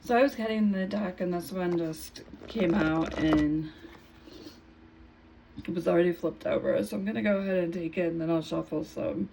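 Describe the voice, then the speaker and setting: A woman giving a casual tarot reading in an unhurried, musing way, her voice a little hoarse from just waking up. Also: on the low side, steady tone, dark tone, a little hiss or hum, low-quality recording. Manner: unhurried, musing, trailing off mid-thought. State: slightly hoarse, just woke up. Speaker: tarot reader.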